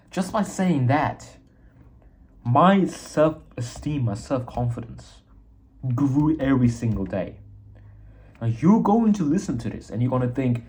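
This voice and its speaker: A young man at a mid-range pitch delivers a casual motivational monologue as a podcast host. His talk is blunt and full of slang, and he hits his key points with emphasis. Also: a little mellow.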